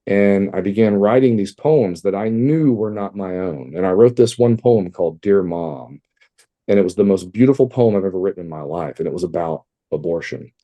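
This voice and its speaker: A middle-aged man from Texas speaks in a low, very dark, mellow voice. He tells his story candidly as a podcast guest, with loose fillers and blunt asides. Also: animated, normal speed, lo-fi sound. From Texas, USA. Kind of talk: personal storytelling in an interview.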